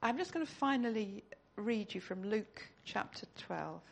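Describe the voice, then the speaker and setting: A woman's voice: mid-range voice, lively intonation, unhurried, vocal fry. A woman giving an earnest, conversational sermon in church. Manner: earnest, conversational, tearful at the close. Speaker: church speaker.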